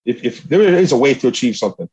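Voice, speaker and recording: A husky-voiced man talks through his past in a casual, earnest way and keeps coming back to a motivational point. His voice sits at an ordinary middle pitch. The recording is dull and lo-fi. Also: animated, quick pace, a little mellow. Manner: earnest, motivational, rambling retelling. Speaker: jiu-jitsu athlete. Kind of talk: casual storytelling.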